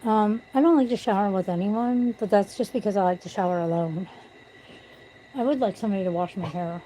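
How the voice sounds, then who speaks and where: A woman's voice: mid-range voice, fairly quick, dark tone, slight background noise, poor audio. Blunt, profane woman ranting at home. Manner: blunt, profane, venting about corruption. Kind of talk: casual livestream rant. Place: at home with pets.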